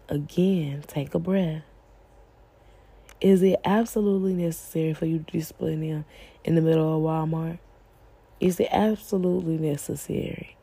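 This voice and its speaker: Woman host, husky and mellow, earnest and pleading parenting talk. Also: sits low. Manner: earnest, pleading, rhetorical questions. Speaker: podcast host. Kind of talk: faith-based parenting talk.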